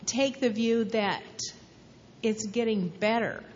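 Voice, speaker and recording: Woman, class member, thoughtful, restarts, fairly high voice, dull sound, hall echo, faint noise. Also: slow. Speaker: class member asking a question. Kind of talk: casual question in class.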